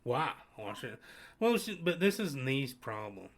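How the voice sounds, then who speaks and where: Rambling, animated male podcast host. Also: mid-range voice, unhurried. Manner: rambling, animated storytelling with restarts. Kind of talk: casual chat.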